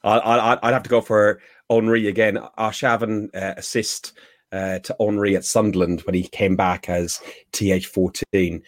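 Low-voiced guy hosting a footy podcast, dry mic, laid back. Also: normal speed, dry recording. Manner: relaxed, asks guests questions. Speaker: podcast host. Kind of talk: casual football chat.

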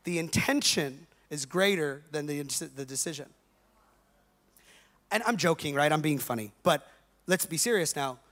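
A man's voice: fairly high pitch, animated, normal speed, pauses often, fairly bright tone. A male pastor preaching a conversational, joking sermon in slangy everyday talk to a live congregation. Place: church service with a live congregation.

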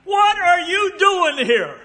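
A man quoting a sharp, indignant elderly woman in a wheelchair during a sermon. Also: extremely high pitch, sing-song, slow, voice pushed up, exaggerated voice, low-quality recording. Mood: emphatic.

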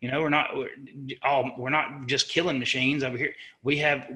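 Middle-aged man, very bright, tense tone, average pitch, halting and earnest interview guest. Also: level tone. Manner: earnest and halting, with frequent restarts and self-corrections. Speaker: interview guest, army sergeant. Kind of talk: recounting a personal war story.

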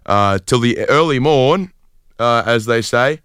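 A young man hosting a podcast, telling a rambling comic story in a deadpan way. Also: mid-range voice, measured pace, smooth, no room sound, clean studio sound. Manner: rambling, deadpan, lots of fillers. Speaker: podcast host.

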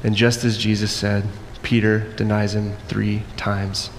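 A man preaching a sermon, acting out the quoted voices and moving between loud and soft passages. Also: on the low side, level tone, unhurried. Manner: acts out quoted voices, varies loudness widely. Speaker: pastor. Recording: long echo in a hall, faint noise.

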